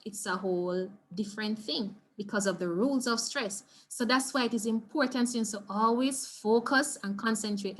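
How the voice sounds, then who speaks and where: A woman's voice: a little high, fairly bright tone. A woman with a Jamaican accent teaching an online Spanish revision lesson, encouraging and repeating words for students to drill. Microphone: video call.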